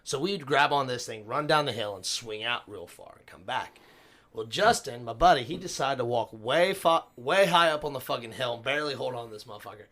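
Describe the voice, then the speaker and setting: A man's voice: mid-range voice, a little fast. A man with a mid-range voice that swings widely up and down as he tells stories. He swears constantly and jumps into the voices of everyone in his anecdote. It is loose, unscripted podcast banter. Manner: profane, animated storyteller who acts out the people in his stories. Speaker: co-host. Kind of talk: casual podcast chat.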